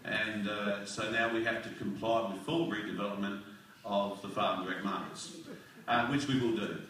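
A man's voice: fairly low pitch, steady tone, moderate pace, fairly bright tone. A man with an Australian accent giving a blunt, fired-up speech at a community forum, firing off rhetorical questions. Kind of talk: rousing political speech. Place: community hall. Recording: echoey hall recorded from far off.

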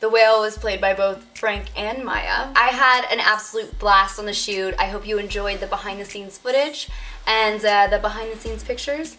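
A woman's voice: mid-range voice, pushed and bright. A bubbly young woman YouTuber in a casual vlog, chatting with lots of "like" fillers.

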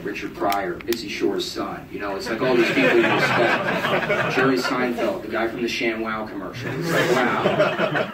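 A man in his thirties telling a self-mocking, deadpan stand-up story, acting out other people's voices. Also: mid-range voice, far from the mic. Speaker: stand-up comedian. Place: live music club stage. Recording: roomy crowd bootleg from afar, noisy. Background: audience laughter.

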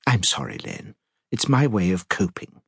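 A man voicing a young vicar's wife who talks in a brisk, teasing, quick-witted way. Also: lowish voice, sing-song, creaky, breathy edge, no echo, clean studio sound, full character voice.

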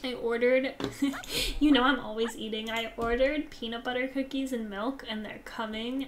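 A young woman casually commenting on a game she plays, gushing and excitable, dropping now and then into soft whispers. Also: on the high side, normal speed, a little hiss or hum. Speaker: gaming channel host.

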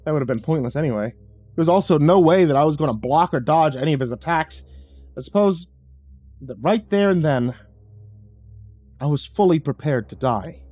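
A man's voice: expressive, normal speed, long pauses, husky, no room sound, soft background music. Man narrating horror dramatically. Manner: dramatic, drops low and soft for grim lines. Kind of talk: first-person horror story narration.

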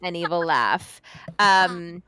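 A woman's voice: lowish voice, takes it slowly, sharp tone, clean tone, no echo. A woman guest in casual podcast chat, playful and teasing.

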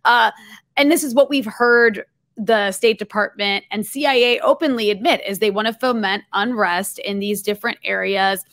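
A woman's voice: mid-range voice, normal speed, fairly bright tone. A woman hosting a podcast interview, asking long, winding questions with fillers. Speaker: podcast host.

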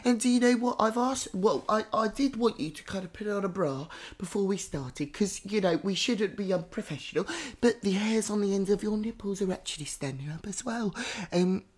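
A woman hosting a comedy podcast, playing a psychic with theatrical calls and hushed whispers. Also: mid-range voice, moderate pace, few pauses. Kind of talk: improvised comedy psychic reading.

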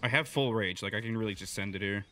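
Young man, bright voice, live gameplay commentary, chatty play-by-play, excitable, shouts at teammates. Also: fairly low pitch, a little hiss or hum. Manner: excitable, bursts into loud yelling at teammates; quick chatty play-by-play, swings between mumbling and shouting. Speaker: gaming video creator.

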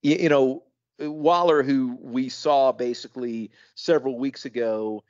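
A man talks wrestling on a podcast, casual and thoughtful, often restarting his sentences before landing an emphatic point. His voice sits at a middle pitch. The recording is dry and close, with a dull, lo-fi sound. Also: fairly even intonation, unhurried, a little mellow, no room sound. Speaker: podcast co-host.

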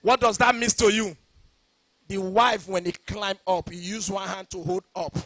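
High-pitched, forceful preacher. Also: male voice, steady tone, normal speed, no room sound. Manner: shouting, sing-song preaching. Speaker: pastor. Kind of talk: sermon.

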